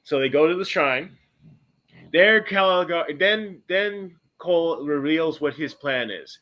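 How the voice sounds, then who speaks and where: Rambling, excitable male podcast host. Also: a little high, slow, lo-fi sound. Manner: rambling, self-correcting storyteller with bursts of excitement. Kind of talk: casual lore retelling.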